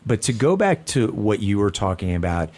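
A man's voice: on the low side, sing-song, moderate pace, darkish tone. A man co-hosting a talk show, speaking casually and earnestly, often rambling and restarting his sentences. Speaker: podcast co-host. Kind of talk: casual conversation.

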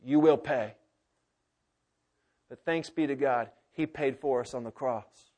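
A man preaching a sermon in a church, swinging from loud urgency to hushed, intimate pleading. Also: mid-range voice, moderate pace. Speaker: pastor. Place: church sanctuary with congregation.

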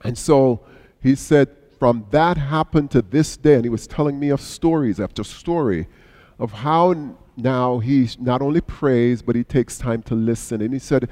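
A middle-aged male pastor preaching a sermon, telling a story with sudden swings between hushed and raised passages. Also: medium pitch, moderate pace. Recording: long hall reverb.

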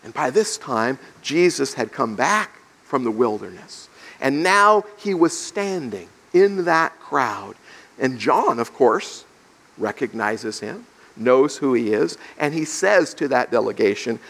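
A man's voice: mid-range voice, very animated, takes it slowly, a bit bright. A male pastor giving an expository sermon, explaining scripture verse by verse and acting out the questions of its characters. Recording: long reverb of a large hall.

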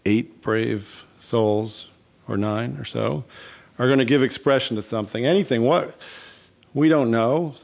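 A man's voice: medium pitch, vocal fry, darkish tone. A man hosting a live stage show, chatty and self-deprecating as he talks to the audience. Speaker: show host.

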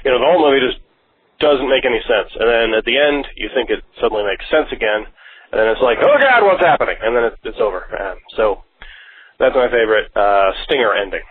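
Hesitant caller from Pittsburgh, phone line. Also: male voice, on the low side, brisk, husky, no echo. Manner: hesitant, many fillers. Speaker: voicemail caller. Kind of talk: casual voicemail.

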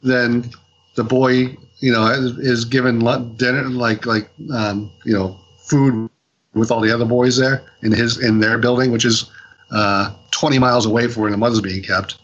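A man's voice: medium pitch, little pitch movement, moderate pace, a bit bright, lo-fi sound. Rambling man retelling a comic plot. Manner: rambling retelling with many fillers and restarts. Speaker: podcast co-host reviewing comics. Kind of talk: casual podcast chat.

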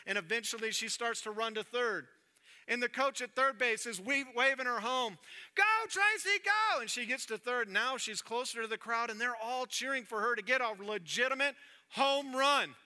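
A man preaching a sermon in a church, telling a story with animated energy and dropping low and soft for emphasis. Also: smooth. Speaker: pastor. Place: church sanctuary. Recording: long reverb of a church hall.

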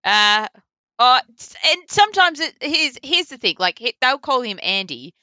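A woman with an Australian accent, a voice actor chatting casually in an interview, full of likes and ums and quick laughs. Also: high-pitched, very animated, sharp tone, no echo. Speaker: voice actor guest.

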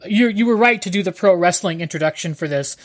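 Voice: medium pitch, fast. A wry, blunt co-host on a casual comics podcast. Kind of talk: casual chat.

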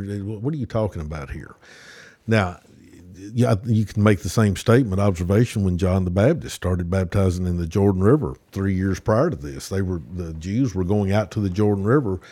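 A man's voice: low-pitched, mellow, husky. A man with a Southern US accent explaining a religious topic as a podcast guest, with many restarts and fillers. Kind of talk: casual theological discussion.

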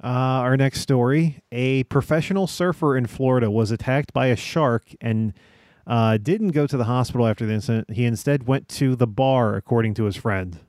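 A young adult man hosting a comedic podcast, reading odd news stories aloud with frequent "uh" pauses. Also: mid-range voice, a little mellow, no room sound, clean studio sound. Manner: reads stories with frequent "uh" pauses, breaks into laughs.

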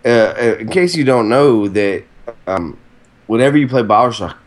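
A man's voice: mid-range voice, lively intonation, normal speed. A man telling a rambling story in casual chat, with many fillers.

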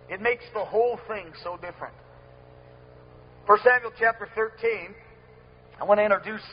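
Male preacher, high voice, emphatic, repetitive, loud-to-soft swings, dull lo-fi sound. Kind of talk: sermon. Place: gathering hall with sound system. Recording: dull lo-fi with faint hum.

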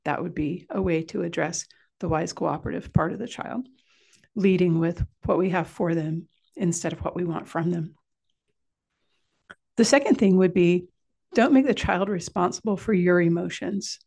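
A woman giving an informal, calm and explanatory talk on parenting, coaching listeners. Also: on the low side, moderate pace, gravelly. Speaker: parenting speaker.

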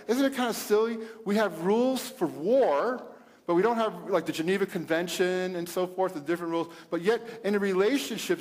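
A middle-aged man hosting a casual talk about marriage, quoting scripture, animated with loud bursts and frequent laughs. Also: high-pitched. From Italian heritage. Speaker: pastor and host. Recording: long hall reverb.

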